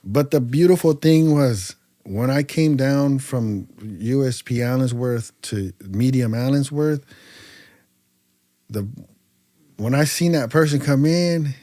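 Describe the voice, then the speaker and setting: A man from California's Central Valley, a podcast guest telling his story casually, loose and animated, with lots of fillers. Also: mid-range voice, slow pace, no echo.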